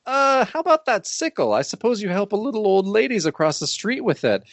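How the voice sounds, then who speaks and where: Tough male street cop, sarcastic and blunt, as a man plays him, slightly high, dry close sound. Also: very animated, fast, dry recording. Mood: mocking. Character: gruff sarcastic male 1970s city cop.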